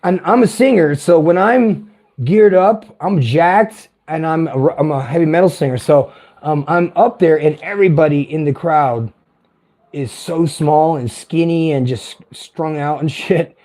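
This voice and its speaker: A man in his fifties with a light tenor voice pitched a little high for a man, yet mellow and warm in tone. He rambles through a casual vlog monologue, swearing freely and correcting himself mid-sentence. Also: measured pace. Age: 50s. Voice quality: light tenor voice, not deep. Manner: meandering, profane, chatty with self-corrections. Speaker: vlogger.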